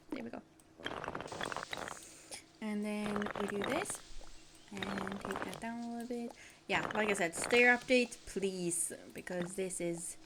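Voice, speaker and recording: A woman's voice: medium pitch, noisy background. A tired woman streaming a building game, chatting casually to her viewers in a sleepy, rambling, self-mocking way. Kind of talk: casual live-stream chat while building.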